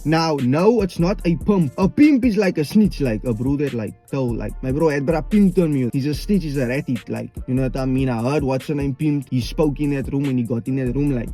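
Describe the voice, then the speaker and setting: A man's voice: fairly high pitch, mellow. A young man from Cape Town with a Cape Town South African accent, rambling casually and acting out street dialogue. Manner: rambling, acts out street dialogue, many "like" fillers. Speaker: vlogger. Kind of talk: casual explainer.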